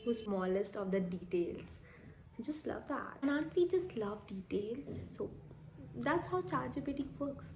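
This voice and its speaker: A young woman, chatting casually and enthusiastically to camera as a vlogger, with lots of filler words. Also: mid-range voice. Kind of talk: casual vlog talk to camera. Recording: echoey room with faint noise.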